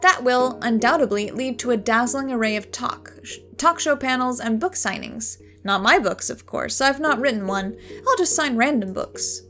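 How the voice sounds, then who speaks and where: A woman's voice: fairly high pitch, animated, moderate pace, sharp tone, faint music behind. A woman voicing an eccentric, dreamy fisherman who hunts lake junk, in a shaky put-on German accent. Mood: grandiose. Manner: grandiose, rambling.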